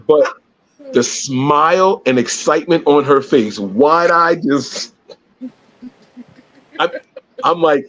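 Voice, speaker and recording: Speaking slowly in a slightly high voice, this podcast co-host wanders through casual stories full of false starts and fillers. The audio has a dull, lo-fi quality.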